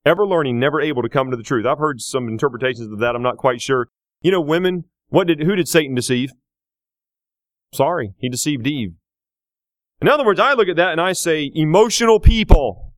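A man preaching a sermon, emphatic, building to loud repeated questions. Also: fairly high pitch, lively intonation, brisk, dry recording, studio quality.

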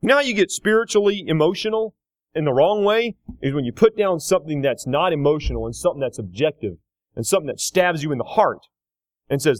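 Guy preaching a sermon, kinda high voice, swings up and down a lot. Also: animated, quick pace, dry recording. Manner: emphatic, rising to loud repeated questions.

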